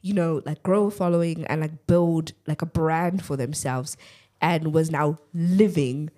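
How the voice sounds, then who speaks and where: A woman's voice: low voice, measured pace. A young adult woman co-hosting a casual podcast, telling a story with lots of laughter and acted-out quotes. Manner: animated storyteller, acts out quotes, laughs often. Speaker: podcast co-host.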